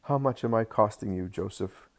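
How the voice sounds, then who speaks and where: A man voicing a gentle, worried young mother. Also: fairly low pitch, normal speed, close to an everyday voice. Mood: pleading.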